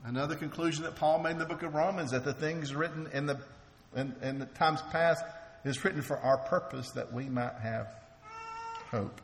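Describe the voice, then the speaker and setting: A man with a somewhat high voice preaches a sermon at normal speed, earnest in tone and often repeating words as he restarts. He is a preacher and teacher, heard in an echoey hall with faint ambience.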